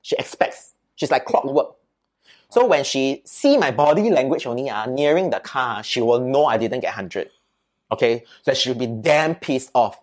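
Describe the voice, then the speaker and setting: A man with a Singaporean accent, telling stories from his childhood as a guest. He talks casually, ends his points with "right?" and mixes in Mandarin words and local particles. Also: moderate pace. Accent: Singaporean English. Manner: chatty, tags sentences with "right?" and "okay?"; lively, swings pitch up and down while telling a story. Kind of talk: casual storytelling.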